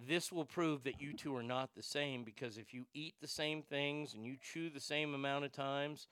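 A man's voice: mid-range voice, steady tone, normal speed, a bit bright, clear, resonant tone, no echo. A man hosting a talk radio show, ranting animatedly about a reality show with crude asides and stammered restarts.

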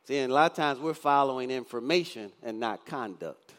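A man's voice: medium pitch, fairly quick, a bit bright. A male pastor in his fifties preaching a sermon, often asking the congregation questions and reading scripture aloud. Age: 50s. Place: church sanctuary. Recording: long church reverb.

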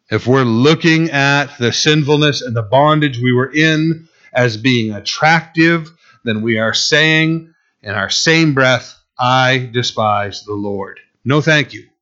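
A pastor preaches a sermon conversationally, throwing sarcastic asides to the congregation. His mid-range voice is bright and forceful, though the lo-fi recording is muffled.

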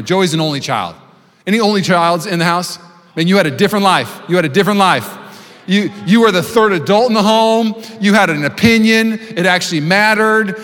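A pastor in his late thirties delivers a sermon, slipping into acted-out voices and swelling into fervent preaching. His voice sits a bit high for a man. Long reverb trails each phrase, as in a big church hall. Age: 30s. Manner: storytelling, acts out voices, rising to loud preaching.

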